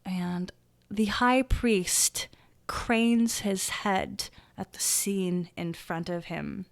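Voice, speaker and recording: Woman game master, slow descriptive narration. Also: medium pitch, fairly even intonation, creaky, no echo. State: recovering from a lost voice.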